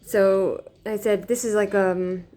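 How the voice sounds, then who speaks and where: A woman's voice: medium pitch, steady tone, slow pace, dark tone. A woman telling a personal story to her camera in a rambling, casual way, with many fillers, restarts and frequent laughs. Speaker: vlogger. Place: living in Israel.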